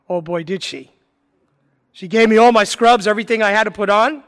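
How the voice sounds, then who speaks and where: A man preaching a sermon, telling a joke and a personal story with dramatic pauses and swells. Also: high-pitched, steady tone, a bit bright, in a large hall. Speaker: priest. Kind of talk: sermon with told anecdotes.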